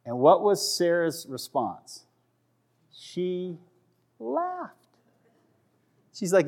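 A man's voice: sits high, wildly swooping pitch, very slow, pauses often, a little mellow. A man preaching a sermon in a conversational way, checking in with the congregation and acting out voices for humor. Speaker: pastor.

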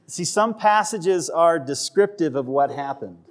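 Male pastor, slightly higher voice, chatty sermon delivery with playful asides. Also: expressive, unhurried. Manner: conversational, checks in with the audience, acts out voices for humor.

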